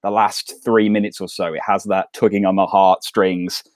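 A man's voice: low-pitched, little pitch movement, moderate pace, dry recording. A man co-hosting a podcast in casual chat, rambling with lots of fillers as he talks through his thoughts. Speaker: podcast co-host. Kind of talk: casual chat about a sitcom.

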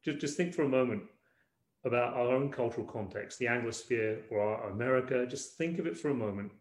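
A man's voice: medium pitch, a little fast. A male pastor preaches in an easygoing, conversational way, circling back on his words as he thinks aloud. His voice sits in a middle register. It echoes around a roomy church hall. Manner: conversational, repeats words while searching. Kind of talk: sermon.

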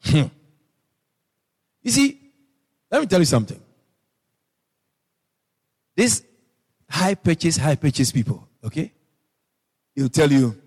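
Guyanese preacher guy, high voice that jumps all over, kinda husky, long echo. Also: sing-song, normal speed, pauses often. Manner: emphatic, swings from low asides to high shouted repetitions. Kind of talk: sermon.

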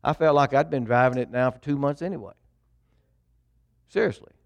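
A middle-aged preacher, a man chatting through a personal testimony in an easygoing, folksy way. His voice sits at an ordinary pitch for a man and sounds dry and close, with no room around it. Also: fairly quick, gravelly, dry recording, muffled recording. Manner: folksy storytelling, addresses congregation. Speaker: pastor. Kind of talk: sermon testimony.

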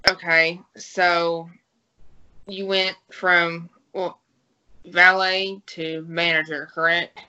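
Young woman guest, slow and hesitant, bright smooth voice, dull call audio. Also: lowish voice, flat delivery. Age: young adult. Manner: hesitant, unhurried. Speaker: podcast guest, wrestling trainee. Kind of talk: casual interview questions.

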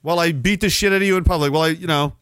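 A Canadian man hosts a solo podcast rant, his high, sharp voice full of anger and sarcasm. He mocks the people he argues against in quick put-on asides. The sound is dry and close, with no room around it. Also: smooth, dry recording. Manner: angry, sarcastic, mocking imitations. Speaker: podcast host. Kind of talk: ranting solo commentary.

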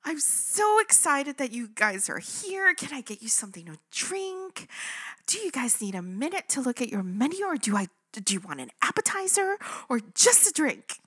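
Woman putting on exploding-with-energy young waitress, high squeal, gushing, lively swings. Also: moderate pace, slightly rough, full character voice. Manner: gushing, breathless excitement. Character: hyper-bubbly young woman server, bursting energy.

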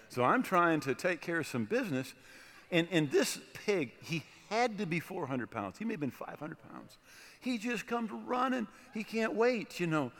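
Middle-aged american preacher, lively swoopy voice, bright, big echoey church hall. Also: male voice, high-pitched, moderate pace. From United States. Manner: animated storyteller, often adding "right?". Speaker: pastor. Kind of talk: sermon with a personal story. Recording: long hall reverb.

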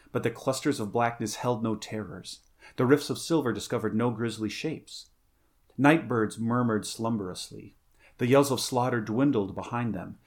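A man reading a pulp adventure story aloud in a steady, measured way, breaking off for halting, casual chat. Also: mid-range voice.

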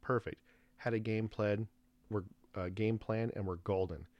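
A man hosting a podcast alone, telling a rambling story in a casual, animated way and acting out the dialogue. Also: fairly low pitch, measured pace, dry recording, lo-fi sound. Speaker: podcast host.

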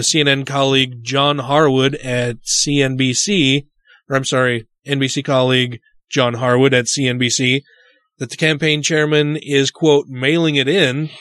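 A man's voice: mid-range voice, fairly bright tone, dry recording. A man hosting a podcast, reading news items and giving profane, indignant commentary. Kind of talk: casual chat.

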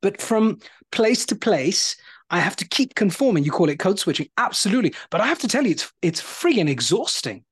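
A man's voice: high-pitched, big pitch swings, brisk, breathy edge. A man with a British accent, of Indian origin, hosting a podcast in conversational interview style and speaking earnestly. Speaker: podcast host.

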